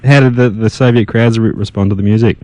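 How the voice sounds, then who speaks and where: A man's voice: on the low side, fairly even intonation, quick pace, dark tone, no echo. Australian man asking interview questions. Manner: plain, brief questions with small stumbles. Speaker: radio host. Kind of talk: radio interview.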